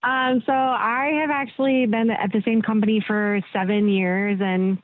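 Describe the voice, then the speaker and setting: A woman's voice: on the high side, steady tone, normal speed, no room sound. A woman calling into a radio show, telling her story hesitantly with many fillers and nervous laughs. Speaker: caller. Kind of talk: telling a story on a phone call. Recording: tinny phone line.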